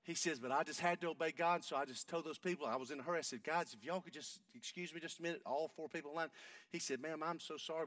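A man's voice: on the high side, dry recording, far from the mic. Man preaching off-mic. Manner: builds from hushed storytelling to shouting. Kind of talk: sermon with a story.

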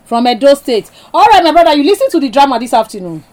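A woman hosts a radio phone-in in Nigerian Pidgin. Her voice sits somewhat high, and she keeps the conversation going in a chatty, encouraging way. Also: very animated, fast talker, a little mellow, a little hiss or hum. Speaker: radio host.

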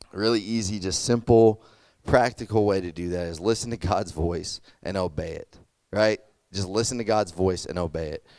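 A young youth pastor with a lowish, darkish, smooth voice gives a casual sermon with no echo. He's chatty and full of fillers, repeatedly checking in with "okay?" and "does that make sense?"

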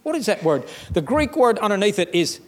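A Southern-accented pastor, male and fairly high-voiced, delivers a sermon with a sing-song lilt at a slightly quick pace. His style is folksy and emphatic, often swelling into loud, upward-climbing stretches.

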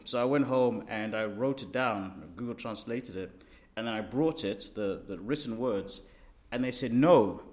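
A man from South Africa hosting a casual group discussion, talking in a thoughtful, halting way with fillers. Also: mid-range voice.

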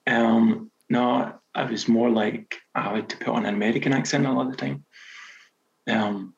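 A Scottish man, a novelist, chatting as a guest in a casual interview and telling stories in a relaxed, self-deprecating way. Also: medium pitch, normal speed, gravelly, lo-fi sound. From Scotland.

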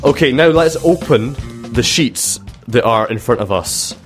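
A man's voice: mid-range voice, lively intonation, a little slow. A man in his twenties hosting a radio show, chatting playfully with a guest and laughing often. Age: 20s. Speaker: radio host. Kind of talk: casual chat with a guest. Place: radio studio. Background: faint background music.

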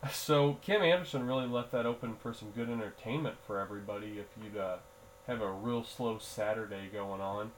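A man's voice: on the low side, fairly quick, slight background noise, low-quality recording. A man hosting a solo sports podcast, talking casually in a groggy early-morning voice, rambling with fillers and restarts. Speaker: podcast host.

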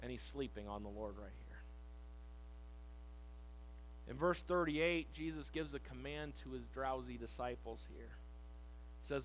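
Male pastor, middle-aged, animated sermon delivery, slightly high voice, faint hum. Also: low-quality recording. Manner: animated preaching, leaning on key words and slowing on scripture.

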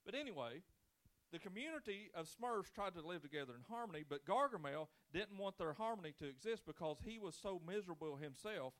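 A man's voice: high-pitched, expressive, a little fast, a bit bright. A man in his forties, a pastor preaching a sermon with folksy, joking storytelling and casual grammar. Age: 40s.

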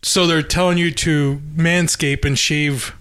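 A man co-hosting a podcast, making wry quick one-liners and laughing often in casual chat. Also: a little high, steady tone, fairly bright tone, clean tone. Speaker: podcast co-host.

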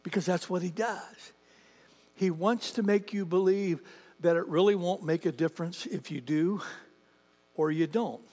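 High-voiced pastor preaching in a hall. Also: male voice, unhurried. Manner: animated storyteller, quotes others in his own voice. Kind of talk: sermon with storytelling. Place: church sanctuary. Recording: long hall reverb.

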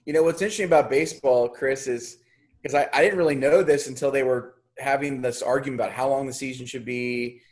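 A man's voice: medium pitch, steady tone, fast. A man co-hosting a casual sports talk show, explaining things thoughtfully with some hedging.

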